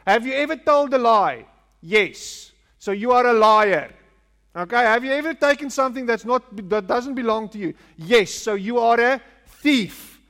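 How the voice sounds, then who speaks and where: Man playing pushy street preacher, high and insistent, hall reverb. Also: expressive, a bit bright, heavily acted. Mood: accusing. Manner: rapid-fire leading questions. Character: pushy male street evangelist, brisk and accusing.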